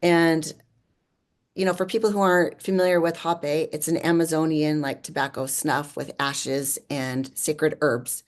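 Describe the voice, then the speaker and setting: Woman guest, low register, chatty and animated storyteller, leans on "like," laughs often. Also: a little slow. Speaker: podcast guest. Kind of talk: personal storytelling in conversation.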